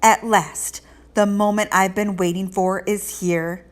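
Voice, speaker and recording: A woman's voice: medium pitch, fairly even intonation, slow, close to an everyday voice. A pompous comic-book vampire lord greeting his bat children, played by a woman reading a storybook. He drags out his words with grand ceremony. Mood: grandiose. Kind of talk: children's storybook read-aloud.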